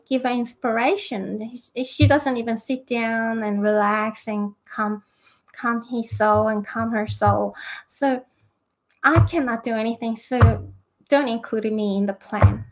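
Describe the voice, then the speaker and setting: A fed-up inner spirit self, voiced by a woman, complains on and on in exasperation. The voice sits a touch high and moves slowly. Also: steady tone, natural voice, low-quality recording. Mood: exasperated.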